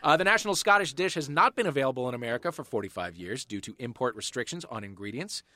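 A man hosting a comedy panel quiz, wry and quick, swearing casually as he reads the questions. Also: medium pitch, expressive, sharp tone. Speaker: quiz show host.

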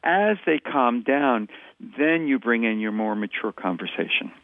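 Gravelly man explaining over a tinny line. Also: mid-range voice, animated, measured pace, no echo. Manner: explanatory, uses short repeated phrases, acts out examples. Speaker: parenting expert guest. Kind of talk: conversational podcast interview. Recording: dry, tinny phone-line sound.

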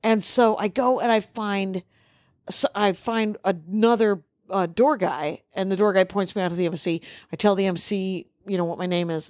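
A woman's voice: fairly low pitch, no echo, studio quality. A woman co-hosting a podcast, telling a rambling backstage story and acting out what people said in casual chat. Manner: rambling anecdotal delivery, acts out quoted dialogue. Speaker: podcast co-host.

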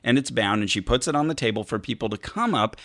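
A man's voice: medium pitch, expressive, fast, a bit bright, no echo, studio quality. A man co-hosting a podcast, telling a wry story of an event and sometimes mimicking the people he quotes. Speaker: podcast co-host. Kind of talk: casual chat recounting an event.

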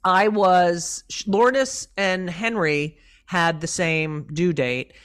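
A middle-aged woman comedian, guest on a casual podcast, telling stories in an animated, profane way. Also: lowish voice, takes it slowly, smooth.

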